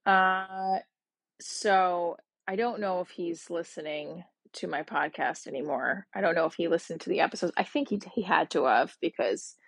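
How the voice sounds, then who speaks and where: A gravelly, husky woman in her forties talks through her own podcast in a rambling, emotional monologue. She sounds sad and upset and keeps restarting her thoughts. The dry recording puts her voice close, with no room around it. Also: on the low side, no echo. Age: 40s. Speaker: podcast host. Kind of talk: personal voice diary monologue.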